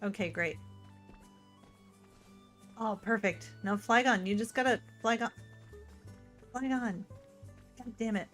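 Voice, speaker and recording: A woman in a casual let's-play stream talks to her in-game companions. She is chatty and excitable, and she swings between gushing and muttered grumbling. Soft game music plays faintly behind her voice. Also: mid-range voice, slow, pauses often. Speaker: gaming streamer.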